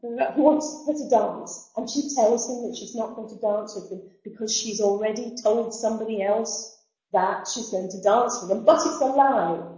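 A woman's voice: on the high side, moderate pace, warm tone. A woman teacher explaining a novel to students, with chatty asides and restarts. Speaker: literature teacher. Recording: dull roomy sound.

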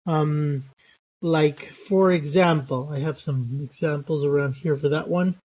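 A man's voice: fairly high pitch, fairly even intonation, a little slow, a little mellow, husky, dull audio. Hesitant male phonetics teacher. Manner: hesitant, many fillers and restarts. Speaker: pronunciation teacher. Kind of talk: live phonetics lesson.

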